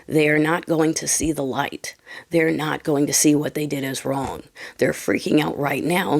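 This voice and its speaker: A hoarse woman talks straight to her viewers in a blunt, opinionated vlog. Her voice sits low and gravelly, breathy and worn from losing it. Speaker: vlogger.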